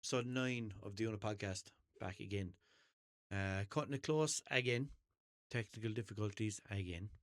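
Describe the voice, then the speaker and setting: A man's voice: lowish voice, moderate pace, dry recording, clean studio sound. An Irish man hosting his own podcast, rambling cheekily and swearing through an unscripted monologue from a chair at home. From Ireland. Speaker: podcast host. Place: home room, seated in a chair. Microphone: headphones and desk mic.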